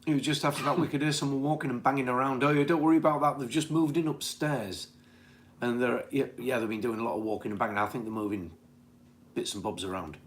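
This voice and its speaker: A man's voice: mid-range voice, fairly even intonation, fast. A man from Britain in casual chat, reading back notes from a session in a conversational way. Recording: faint background noise.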